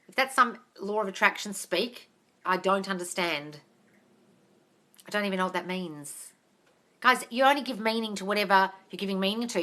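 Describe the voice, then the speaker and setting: Hosting a live Q&A stream as a manifestation coach, this woman is blunt and brisk, cursing freely and sounding exasperated. Her medium-pitched voice carries a sharp edge.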